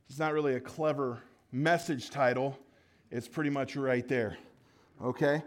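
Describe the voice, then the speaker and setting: A man's voice: on the high side, moderate pace. A man preaching a casual sermon at a church service, joking with the crowd and restarting his sentences as he goes. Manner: energetic, joking, audience call-and-response; conversational with frequent restarts.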